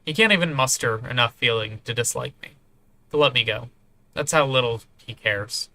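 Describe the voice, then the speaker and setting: Man, game narration, soft and measured, bright tone. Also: medium pitch, expressive. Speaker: game streamer reading aloud. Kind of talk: narrating a visual novel.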